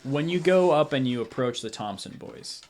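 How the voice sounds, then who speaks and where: A man's voice: mid-range voice, expressive, moderate pace, darkish tone, a little hiss or hum. A man running a tabletop game as game master, casual and laughing as he narrates.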